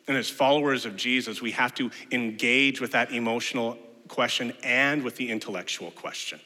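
Male pastor preaching, bright and forceful, lively storyteller, long hall reverb. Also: mid-range voice. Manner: animated storyteller who acts out quoted voices. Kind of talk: sermon.

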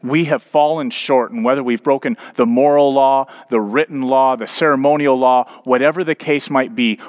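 A man preaching a sermon as pastor. He tells stories and builds to emphatic peaks. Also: medium pitch.

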